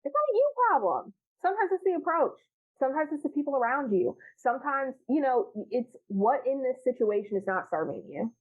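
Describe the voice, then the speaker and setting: On a tinny phone line, a woman guest on a podcast chats candidly in a high, lively voice at a slightly fast clip. She's blunt and profane, laughs a lot, and acts out her old self.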